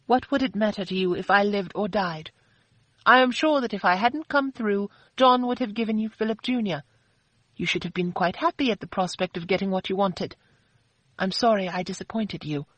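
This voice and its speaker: A woman narrator voicing a spirited, quick-tempered young woman who answers back with sharp, indignant retorts. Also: mid-range voice, dry recording, close to an everyday voice, poor audio. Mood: defiant.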